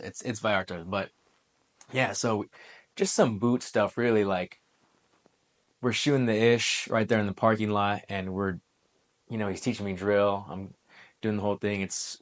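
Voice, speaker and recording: A man in his twenties, a former Marine, telling a personal story in a relaxed, conversational way, full of military slang. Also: fairly low pitch. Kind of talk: casual storytelling monologue.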